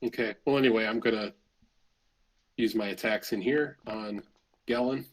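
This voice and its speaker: A man's voice: fairly low pitch, normal speed, poor audio. A man playing in a tabletop game, hesitant and full of questions about the rules. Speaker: player. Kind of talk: casual tabletop game chat.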